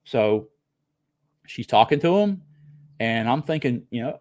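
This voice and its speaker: A man in his sixties from South Carolina, a podcast guest telling a personal story in a casual way, acting out his own thoughts with bursts of excitement. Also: medium pitch, unhurried, pauses often. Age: 60s.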